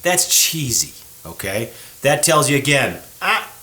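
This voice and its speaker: Guy hosting a gun show, lively up and down voice, kinda echoey room, chatty and folksy. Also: mid-range voice, measured pace. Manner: folksy, animated, talks to viewers as folks. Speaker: show host, gunsmith shop owner. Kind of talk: casual explanatory chat. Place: gun shop workroom.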